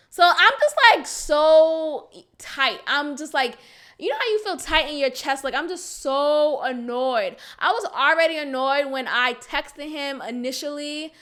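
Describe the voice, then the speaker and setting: A young adult woman hosting a podcast, telling a personal relationship story candidly and expressively, sighing and then exclaiming loudly. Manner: expressive, venting, swings from low sighs to loud exclamations. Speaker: podcast host. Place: Houston, Texas.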